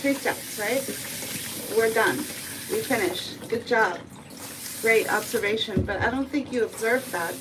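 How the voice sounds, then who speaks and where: Slow-talking woman groomer cooing to a cat. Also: on the high side. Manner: coos and hums to the cat. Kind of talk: chatty livestream while grooming. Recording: loud background noise.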